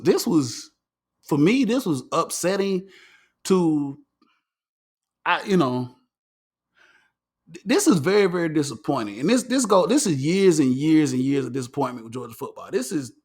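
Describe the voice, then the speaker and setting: A man leads a casual sports talk show. His voice sits high for a man. He is animated and emphatic and keeps doubling back on his words. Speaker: podcast host.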